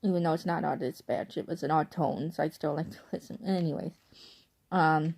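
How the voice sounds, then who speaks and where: Young woman rambling thru a story at home late at night, kinda low mellow voice. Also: fairly even intonation, fairly quick, gravelly. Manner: rambling, chatty, lots of "like". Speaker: vlogger. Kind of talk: casual storytelling to camera. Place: at home in her bedroom, at night.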